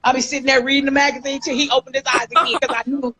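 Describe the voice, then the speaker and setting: A woman in her fifties from Inglewood, California, an animated hairstylist telling stories in a casual interview and often calling the listener "girl". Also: high-pitched, rapid-fire, poor audio. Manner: animated, acts out quotes, says "girl" often. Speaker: celebrity hairstylist and guest.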